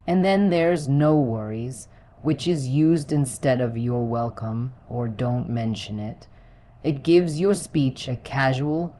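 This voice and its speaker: Man, British accent, English teacher, scripted lesson narration, slow, warm low tone. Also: slight background noise, low-quality recording. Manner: slow, measured and instructive.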